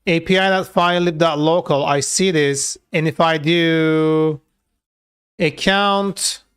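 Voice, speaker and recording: A man's voice: on the high side, steady tone, takes it slowly, a bit bright, smooth. A man talking loosely through a live coding session, with many filler words and casual swearing. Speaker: software developer streaming his coding work.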